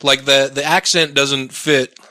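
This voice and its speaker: A man co-hosting a podcast in loose, profane chat, his voice bright and forward. He rants with animated emphasis, and the sound is dry and close with no room around it. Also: medium pitch, unhurried, dry recording. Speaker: podcast co-host. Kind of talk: casual chat.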